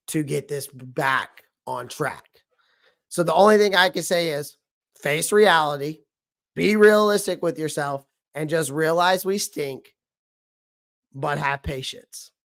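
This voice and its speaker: A man hosting a fan livestream about his football team, hoarse from losing his voice, talking bluntly and repeating his points. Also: on the high side, fairly bright tone. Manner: blunt, emphatic, repeats himself. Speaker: sports fan show host. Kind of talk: livestream sports rant.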